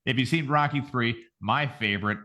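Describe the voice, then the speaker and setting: A man hosting a podcast in casual chat, animated, rambling and swearing freely. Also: mid-range voice, normal speed. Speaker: podcast host.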